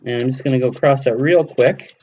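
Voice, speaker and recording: Fairly quick and a little mellow, the man's mid-range voice comes through on dull audio. He's in his thirties, running a casual live stream from his home hobby table and narrating every step of his craft project to himself.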